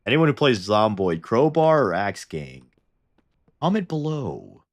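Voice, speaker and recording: Chatty Canadian man, low lively voice. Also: normal speed. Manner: chatty, laughs often, swears when startled. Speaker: streamer. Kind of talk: casual gameplay commentary.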